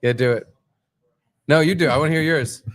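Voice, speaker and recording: A man bantering on a live talk stream, dropping quick teasing jokes. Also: fairly high pitch. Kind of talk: casual banter.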